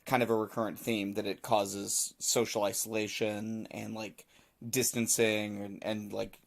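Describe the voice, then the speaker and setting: A man's voice: on the low side, flat delivery, a little slow, vocal fry. A man co-hosting a podcast, thinking through ideas aloud in casual chat with fillers. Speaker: podcast co-host.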